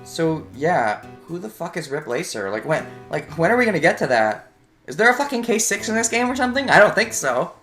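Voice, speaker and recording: A man's voice: fairly high pitch, very animated, fairly quick, a bit bright, faint music behind. A man giving casual, loose let's play commentary, musing aloud and swearing now and then. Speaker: gamer.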